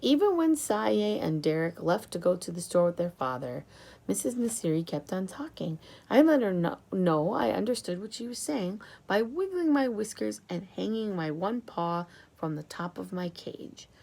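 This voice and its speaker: Woman narrating a children's book, expressive, lively pitch, gravelly, husky. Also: normal speed. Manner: expressive storytelling. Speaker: audiobook reader.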